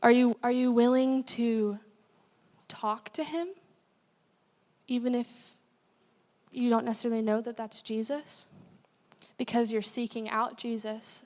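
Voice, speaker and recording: Chatty young woman preaching in an echoing hall. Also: fairly high pitch. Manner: casual and chatty with many fillers and laughs. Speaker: guest speaker. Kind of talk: sermon. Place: church hall. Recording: long hall reverb.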